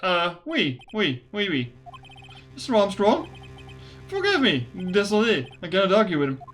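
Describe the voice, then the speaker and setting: A woman voicing an excitable male chef. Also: medium pitch, a little slow, faint music behind. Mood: flustered.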